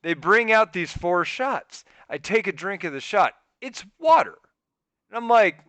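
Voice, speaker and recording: A man hosting a podcast, telling a profane story in a casual, animated way and laughing as he goes. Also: high voice, measured pace, dry recording. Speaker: podcast host. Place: studio for a live stream.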